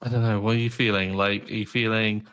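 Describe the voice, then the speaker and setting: A man's voice: lowish voice, flat delivery, a little fast, a bit bright, clean tone. A man co-hosting a podcast, chatting casually in a rambling way with many fillers. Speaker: podcast co-host. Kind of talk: casual chat.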